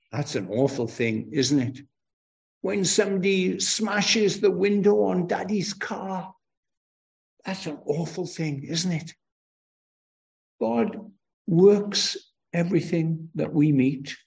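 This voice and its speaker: An older Welsh man preaches to children, his pitch leaping and falling in a lively sing-song. He talks slowly and deliberately, leaning on each phrase with emphatic rises, and his voice sits a touch high for a man. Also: creaky. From Wales. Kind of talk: children's sermon.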